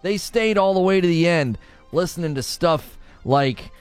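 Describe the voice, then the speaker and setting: A man's voice: high voice, expressive, unhurried, long pauses, smooth, faint music behind. A man hosting a live stream in casual chat. He argues animatedly and laughs often. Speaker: livestream host.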